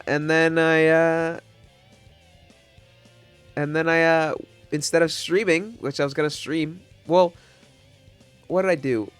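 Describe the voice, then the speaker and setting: A man's voice: fairly high pitch, clean tone. A young man, casually telling a long rambling story to his stream chat, with lots of restarts and swearing.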